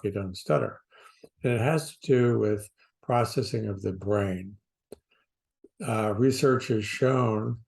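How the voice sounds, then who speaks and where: A man who coaches people who stutter, explaining in a slow, deliberate, plain-spoken way with pauses. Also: lowish voice, vocal fry, darkish tone. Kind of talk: casual explanatory talk to camera.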